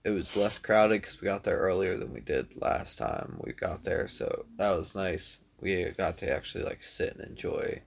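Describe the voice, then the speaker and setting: Gravelly laid-back man telling a story. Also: deep voice, big pitch swings, normal speed, few pauses. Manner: laid-back, swears freely, says "dude" and "like" a lot. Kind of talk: casual storytelling chat.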